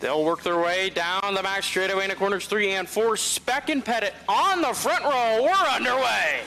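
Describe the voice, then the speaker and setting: A man with a fairly high voice calls a race live in a brisk announcer style. Loud engine and trackside noise runs under the broadcast. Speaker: race commentator.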